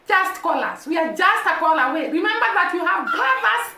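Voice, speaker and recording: A woman's voice: extremely high pitch, expressive, brisk, bright, forceful tone, echoey room. A Kenyan woman vlogging to camera in an earnest, repetitive way, building emphasis as she speaks, with a baby crying nearby. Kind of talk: casual to-camera commentary.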